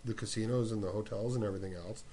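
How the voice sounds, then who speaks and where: A man's voice: lowish voice, steady tone, rapid-fire, warm tone. A man chatting casually, rambling with lots of filler words. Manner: rambling, many "like" and "whatnot" fillers. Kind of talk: casual podcast chat.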